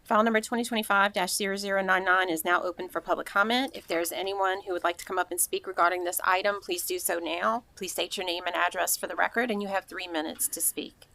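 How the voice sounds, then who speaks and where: A woman chairing a council meeting, reading out agenda items and procedures in a measured, formal way. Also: on the low side, fairly even intonation, gravelly, pushed and bright.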